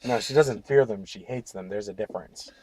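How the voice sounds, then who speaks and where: Dude on a movie review panel, earnest takes, dry close sound. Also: male voice, on the low side, fairly quick, darkish tone, slightly rough, no room sound. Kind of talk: casual group film review chat.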